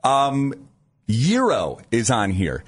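A man's voice: mid-range voice, expressive, brisk. A middle-aged man co-hosting a morning radio show, chatty and stumbling over words. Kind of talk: casual radio banter.

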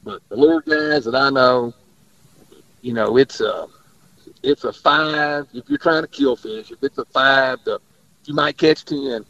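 A man's voice: mid-range voice, measured pace, a bit bright, dry recording. A man, a fishing guide rambling through stories in casual radio chat and laughing often. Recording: dull lo-fi radio audio.

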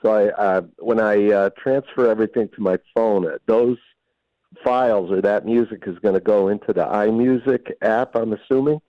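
A man's voice: on the low side, normal speed, no room sound, muffled recording. A man calling in to a radio show with a question, hesitant and searching for his words. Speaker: caller. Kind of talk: phone-in question.

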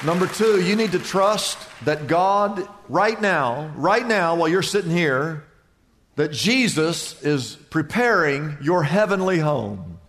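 Man, pastor, sermon, dramatic delivery, high voice, reverberant hall. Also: a little slow, a faint crowd. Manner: dramatic, acts out worried voices and Jesus's calming words. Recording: echoey hall with long reverb.

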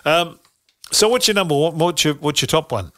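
A man's voice: fairly high pitch, animated, moderate pace, fairly bright tone. A middle-aged man hosting a casual podcast chat, rambling with lots of fillers and restarts. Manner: rambling with many fillers and restarts, laughs easily. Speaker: podcast host.

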